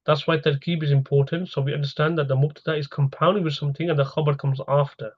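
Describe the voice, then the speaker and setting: A man's voice: on the high side, fairly even intonation, quick pace, dull audio. A man teaching an online grammar lesson over slides, explaining step by step and asking his students questions.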